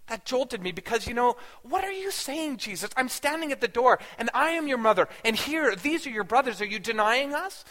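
A man's voice: on the high side, normal speed, a bit bright, lightly acted. A man playing Mary, the wounded, faithful mother. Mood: wounded, reflective. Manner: earnest, emotional storytelling with rising pleas. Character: grieving mother, bewildered yet faithful woman. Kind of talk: first-person dramatic sermon monologue. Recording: long hall reverb.

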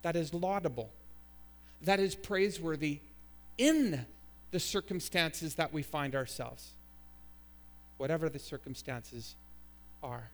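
A man's voice: fairly high pitch, measured pace, long pauses, a bit bright. A male pastor preaching a sermon with emphatic, storytelling delivery.

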